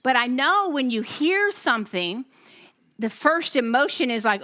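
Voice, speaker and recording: Bright-voiced woman pastor preaching. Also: high-pitched, measured pace. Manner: animated storyteller who acts out quoted voices. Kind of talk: testimony sermon to a congregation.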